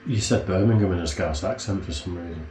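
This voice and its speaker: Deep-voiced man musing. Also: fast, darkish tone, soft background music. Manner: thoughtful, musing, hesitant restarts. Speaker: host of a reaction channel. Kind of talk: casual chat. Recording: echoey room.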